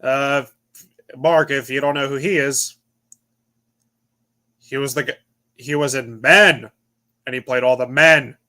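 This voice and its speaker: A man's voice: medium pitch, fairly even intonation, slow pace, long pauses, pushed and bright. A tired man giving a casual movie review on a panel, rambling and restarting his sentences. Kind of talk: casual chat.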